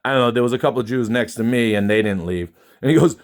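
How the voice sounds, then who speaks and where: A man's voice: mid-range voice, fast. A man in a casual spoken rant, emphatic and profane, dismissive and often restarting his sentences. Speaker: concertgoer recounting a show.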